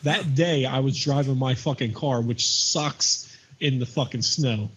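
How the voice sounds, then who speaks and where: A man's voice: mid-range voice, a little slow, breathy edge, lo-fi sound. A man co-hosting a casual talk show, blunt and crude, swearing often. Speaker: podcast co-host. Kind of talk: casual profane chat.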